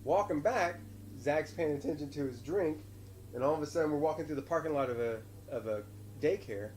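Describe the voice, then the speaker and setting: Laughing, animated dad telling stories. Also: male voice, on the high side, a little fast, slight background noise. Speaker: podcast host and father. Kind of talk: casual chat with his young son.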